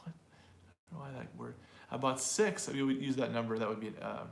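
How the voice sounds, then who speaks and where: Male teacher running a live pronunciation class, chatty explainer, medium pitch, recorded with room echo. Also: a little fast, creaky. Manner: explanatory, repeats and restarts words.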